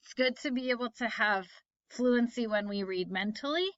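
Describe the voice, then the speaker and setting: A woman teacher recording a phonics lesson, explaining patiently and slowly with example words. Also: mid-range voice, sharp tone, no room sound, highs cut off.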